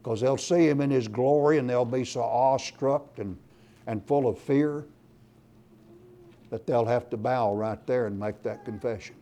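A man's voice: mid-range voice, a little slow. A man preaching a sermon, reading scripture aloud and pressing his points with emphasis. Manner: emphatic, rising loud on scripture and lists.

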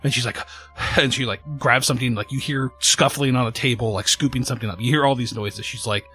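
A man's voice: mid-range voice, steady tone, fast talker, pushed and bright, faint music behind. A man narrating as game master of a tabletop horror game, loose and rambling, with many fillers.

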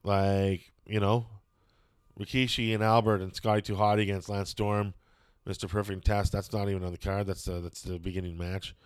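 A man's voice: lowish voice, level tone, normal speed, clear, resonant tone, no room sound, studio quality. A man chatting casually and opinionatedly as a show host, rambling with lots of fillers and some swearing.

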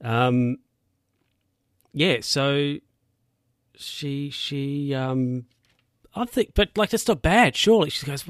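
A man's voice: medium pitch, takes it slowly, pauses often, a bit bright, no room sound, clean studio sound. A young man casually recapping a TV episode, rambling with lots of fillers and asides. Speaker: show recapper.

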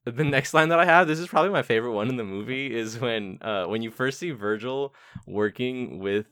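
A man's voice: medium pitch, brisk, fairly bright tone, clear, resonant tone, dry recording. A young man co-hosting a movie podcast, chatting casually, laughing often and swearing as he quotes lines in mock voices. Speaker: podcast co-host. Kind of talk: casual movie-review chat.

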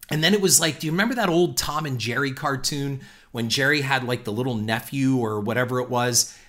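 Man, mid-pitch, lively storyteller talking straight to the audience. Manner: animated, conversational, addresses listeners as folks. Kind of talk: storytelling anecdote.

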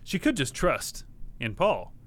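A man's voice: on the high side, wildly swooping pitch, unhurried, a bit bright. A man co-hosting a podcast, telling a story in casual, joking chat and laughing often. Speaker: podcast co-host.

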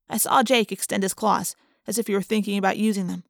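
Woman calmly narrating an audiobook. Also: medium pitch, fast, creaky, hardly any pauses, a crowd in the background. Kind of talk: first-person audiobook narration.

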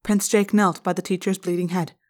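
A woman narrating a fan read-aloud chapter in an expressive style, recorded in a hotel room. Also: on the low side, a little fast.

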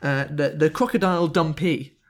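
Talking casually at an ordinary middle pitch, a talkative podcast host reads a story aloud with jokes, laughter, and little restarts. The pace is moderate, and there's a faint hiss or hum.

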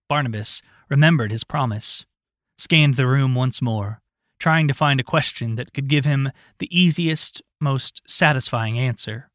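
A man narrating an audiobook in a calm, steady storytelling voice. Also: medium pitch, unhurried, no room sound, studio quality.

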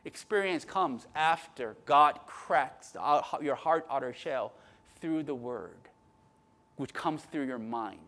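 A middle-aged man preaches a sermon in a chatty, conversational way, with a voice pitched a bit high for a man. He keeps checking in with "right?", drops to soft asides, then climbs into loud, emphatic stretches. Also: lively intonation, slow. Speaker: pastor.

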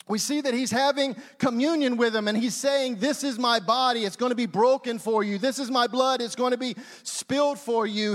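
A man preaching a sermon as pastor, speaking emphatically and repeating phrases for stress. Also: very high voice. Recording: long hall reverb.

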